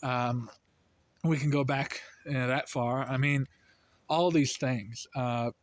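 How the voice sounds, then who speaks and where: A man speaks in an earnest, worried tone at a middling pitch, thinking aloud as he goes. He is delivering an unscripted monologue as the host of his own video. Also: fairly even intonation, slow pace, no echo. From United States.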